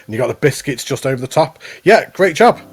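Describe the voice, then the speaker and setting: A man with a slightly husky voice co-hosts a casual showcase, upbeat and chatty. He reads out entries and praises each one freely, over faint background music. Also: on the high side, animated, fast talker. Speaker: co-host. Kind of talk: casual chat commentary on contest entries.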